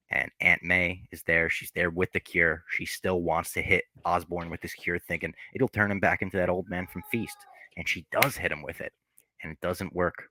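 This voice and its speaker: A man hosting a podcast, casually recapping a movie scene by scene, animated and profane, acting out the characters' lines. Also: low voice. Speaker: podcast host.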